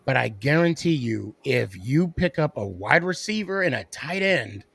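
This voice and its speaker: A man's voice: medium pitch, animated, moderate pace, creaky, a bit bright, slightly rough, no room sound. A man hosting a casual sports podcast, joking and playful, laughing often. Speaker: podcast host.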